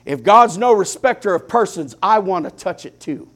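A man preaching a sermon, with impassioned swings between hushed, quiet lines and loud climaxes, drawing his phrases out slowly. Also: high voice, animated. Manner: slow, deliberate preaching with drawn-out phrases.

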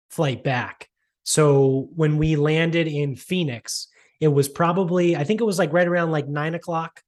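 A podcast host telling a travel story in a casual rant, profane, exasperated and mocking. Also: medium pitch.

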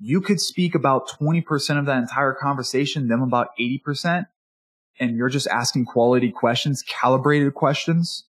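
A man with a husky, mid-pitched voice gives a casual spoken lesson on networking. He talks loosely, acting out the people he quotes with brisk jumps in pitch. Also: fairly bright tone. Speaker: networking coach.

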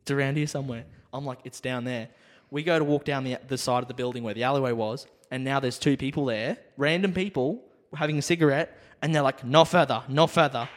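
A man on a podcast, telling a drunken travel story in a lively way, swearing a lot and acting out the other people's voices. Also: mid-range voice, fast talker, few pauses, long reverb tail. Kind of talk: casual storytelling.

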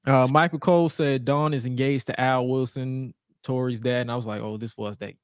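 A man co-hosts a casual podcast, recapping wrestling with loud, profane disbelief and quick asides. His voice sits in a middle pitch. The sound is dry and close, with no room echo. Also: clean tone. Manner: animated, profane recapping with mock-incredulous outbursts. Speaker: podcast co-host. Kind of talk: casual chat.

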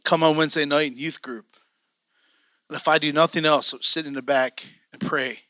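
Bright-voiced passionate man preaching. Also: fairly high pitch, moderate pace, no echo, clean studio sound. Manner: passionate, storytelling, often acting out his own excitement. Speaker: church elder preaching. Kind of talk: sermon.

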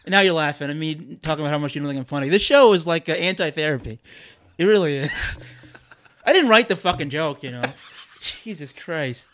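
High-voiced man riffing, whiny and fast. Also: lively intonation, a bit bright. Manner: whiny, self-pitying, quick to riff. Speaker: podcast co-host. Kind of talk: casual comedic banter.

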